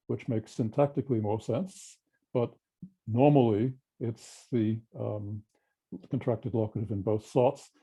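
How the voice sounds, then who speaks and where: An older man with an Australian accent giving a measured, technical linguistics seminar lecture. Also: medium pitch, mellow, breathy edge. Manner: measured, technical, explanatory with pauses.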